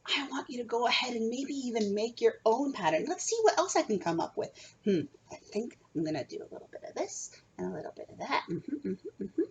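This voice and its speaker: A woman's voice: a little high, animated, fast, highs cut off, slight background noise. A young woman teaching a remote kindergarten music lesson from home, coaxing small children with a sing-song manner.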